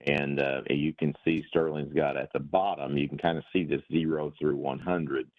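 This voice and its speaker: A man with a very low, deep voice explains trading indicators in a folksy, plain-spoken way, often repeating a word as he finds his footing. His voice comes through a thin, phone-like line. He uses homespun comparisons to make each point. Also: level tone, normal speed. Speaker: meeting host. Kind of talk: webinar discussion.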